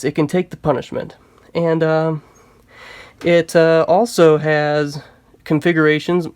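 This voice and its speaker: Brief: chatty male game host, a bit high-pitched, dry close sound, casual. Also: no echo. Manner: chatty, many filler words. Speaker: tabletop game reviewer.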